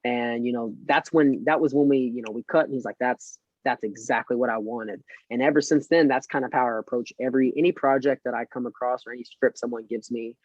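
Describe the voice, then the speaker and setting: A man who is an actor, chatting as a guest on a podcast in a relaxed, rambling way with many fillers. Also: mid-range voice, fast talker, few pauses, dry recording. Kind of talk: casual interview chat. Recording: dry, dull lo-fi sound.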